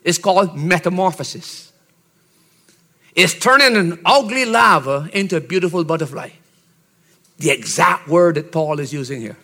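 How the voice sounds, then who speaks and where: A pastor preaching an expository sermon in a teacherly way, checking in with his listeners and building up to loud, emphatic exhortation. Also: on the high side, lively intonation, moderate pace, pauses often. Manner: teacherly, checks in with "Okay?" and "See?".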